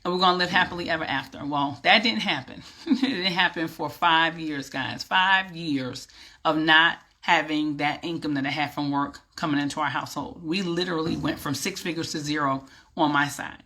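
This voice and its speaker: A middle-aged woman tells her own story to the camera in a casual vlog. Her voice is bright and ringing. She speaks in a lively, animated way, like she's chatting with friends. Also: sits low, moderate pace. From New York. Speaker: vlogger and business coach.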